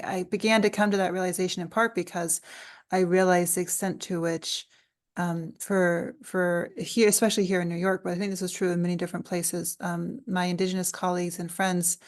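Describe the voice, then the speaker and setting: A woman's voice: on the low side, flat delivery, moderate pace. A woman podcast host speaking reflectively and searching for her words. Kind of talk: reflective conversation.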